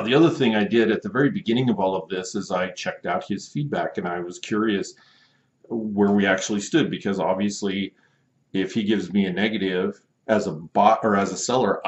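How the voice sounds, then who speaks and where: A man's voice: low-pitched, echoey room, highs cut off. A man hosting a casual vlog, telling a story in an amused, incredulous way with frequent chuckles. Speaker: online seller and video host.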